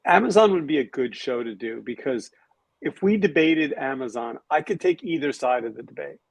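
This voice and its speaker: Gravelly wry man hosting. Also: medium pitch, lively intonation, normal speed, no room sound, low-quality recording. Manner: wry, sarcastic, thinks aloud with restarts. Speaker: podcast host. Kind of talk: casual panel discussion.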